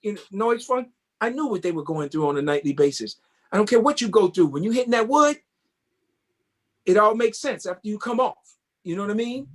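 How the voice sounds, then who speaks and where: Brief: man, fairly high voice, animated interview guest, casual storyteller. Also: a little fast. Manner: animated, keeps asking "you know what I mean?". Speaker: guest, tap dancer.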